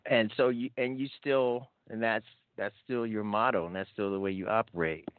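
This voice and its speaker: A man's voice: fairly low pitch, steady tone, normal speed, clear, resonant tone, dry recording. A man hosting a call-in radio show, chatty and upbeat, often restarting his sentences. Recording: thin phone-like audio.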